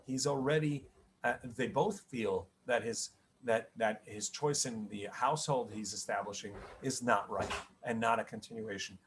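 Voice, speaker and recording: A middle-aged man leads a spoken Torah lesson as a rabbi, his pitch sitting at an ordinary middle level. He talks conversationally, trips into restarts and repeated words, and keeps checking in with "right?". A faint hiss of noise sits behind him. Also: moderate pace. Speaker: rabbi teaching the weekly Torah portion.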